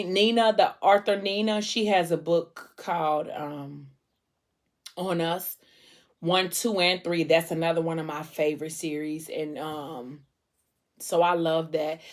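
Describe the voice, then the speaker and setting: A young woman chatting at home about a book series she loves, loose and slangy, full of fillers. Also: on the low side. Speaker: book vlogger. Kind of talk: casual book discussion.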